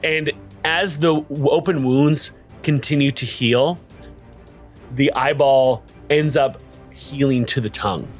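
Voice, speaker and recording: A man running a tabletop game as game master, narrating combat with frequent laughs and halting fillers. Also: medium pitch, soft background music.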